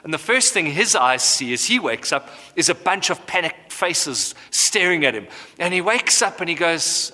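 A man in his thirties preaches a sermon, bringing the story to life with lively telling. His voice is bright and sits a little high. It carries a long hall reverb. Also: normal speed. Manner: animated storytelling, acts out voices. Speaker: pastor.

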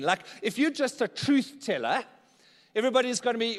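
A man's voice: very high voice, very animated, fairly quick, in a large hall. A man preaching a sermon in church, conversational and often checking in with the congregation. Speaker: pastor.

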